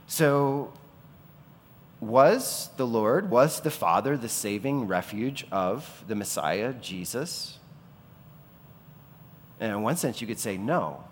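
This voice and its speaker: A man's voice: medium pitch, animated, slow, pauses often, slight background noise. A man preaching a sermon as pastor, asking rhetorical questions and swelling to impassioned peaks. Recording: long reverb of a large hall.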